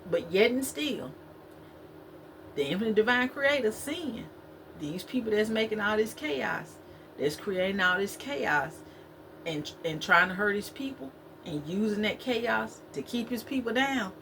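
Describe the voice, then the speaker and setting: A woman's voice: medium pitch, lively intonation, unhurried, a bit bright, slight background noise. A woman giving a spiritual talk to her viewers, preachy and repetitive, in a conversational way. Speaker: spiritual vlogger.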